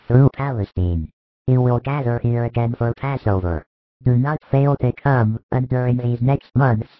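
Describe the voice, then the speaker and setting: A man voicing a calm, patient male spiritual teacher. He speaks in measured, instructive sentences in a dramatized religious reading, on a tinny recording. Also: medium pitch, no echo, natural voice. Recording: tinny phone-like dry recording.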